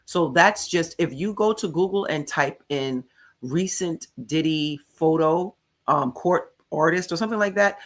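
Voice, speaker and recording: A woman's voice: low voice, fairly bright tone. A woman hosting a casual commentary show, recapping events in a chatty way and often checking in with her viewers. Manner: chatty, recounts quotes, frequent "okay?" checks. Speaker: commentary channel host. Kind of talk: casual live commentary on a court case.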